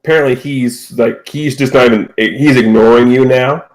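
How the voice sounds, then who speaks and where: A man's voice: medium pitch, fairly even intonation, normal speed, poor audio. A man as game master, narrating a tabletop game in a loose, casual way.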